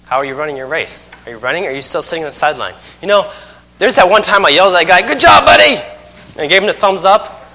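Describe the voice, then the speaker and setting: A man's voice: fairly high pitch, fast talker, bright, forceful tone. A man in his thirties preaching a sermon, telling folksy stories with self-mocking humor. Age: 30s. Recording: long hall reverb.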